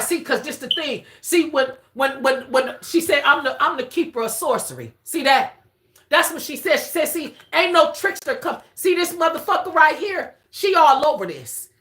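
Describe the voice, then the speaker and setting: A woman giving a casual spiritual reading on a live stream, excitable and repetitive, swearing freely. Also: high voice.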